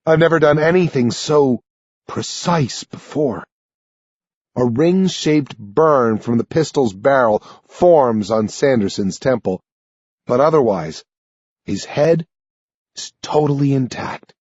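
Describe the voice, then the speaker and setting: Slow, husky male audiobook narrator. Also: medium pitch, no room sound. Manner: measured, expressive first-person reading. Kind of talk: scripted narration. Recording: dull lo-fi dry studio recording.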